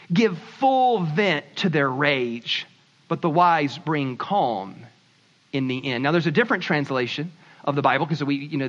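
Animated high-voiced preaching man. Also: lo-fi sound. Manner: animated, conversational preaching with acted asides. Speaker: pastor. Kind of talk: sermon.

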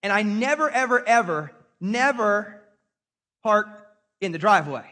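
A man's voice: high voice, a little slow. A middle-aged male pastor, preaching a sermon in a chatty, storytelling way and calling on the congregation to answer. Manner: conversational storytelling preacher, animated call-and-response.

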